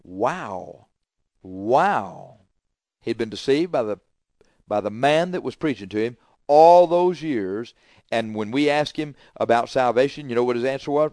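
A man's voice: medium pitch, animated, a little slow, dry recording. Emphatic male preacher, dry sound. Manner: emphatic, repetitive, swings from loud to quiet. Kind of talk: sermon.

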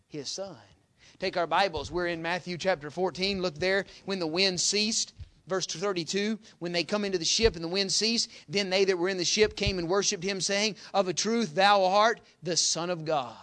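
A man preaching a sermon in a folksy manner, reading scripture loudly and dropping to quiet asides. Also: sits high, moderate pace.

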